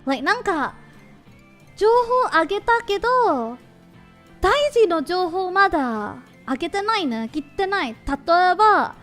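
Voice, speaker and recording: High-voiced woman streamer chatting animatedly. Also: moderate pace, faint music behind. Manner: animated, giggly, switches between English and Japanese. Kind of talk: casual livestream chat.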